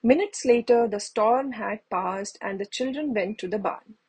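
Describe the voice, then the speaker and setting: Slow, breathy woman reading a storybook. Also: on the high side, darkish tone, low-quality recording. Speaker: storybook reader. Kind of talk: bedtime story read-aloud.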